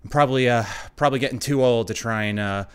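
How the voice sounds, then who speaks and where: A man voicing a chatty, nervous middle-aged Uber driver in a higher, louder voice while retelling a story. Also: fast talker, clean tone, close to an everyday voice. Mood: confiding.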